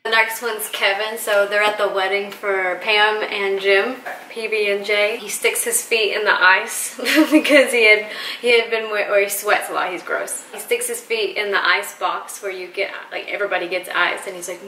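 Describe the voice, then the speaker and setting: A woman chatting casually as a vlog co-host, laughing often as she goes. Her voice is bright. She sits some way from the mic in an echoey room with faint noise behind her. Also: mid-range voice, steady tone, normal speed, distant mic. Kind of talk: casual chat.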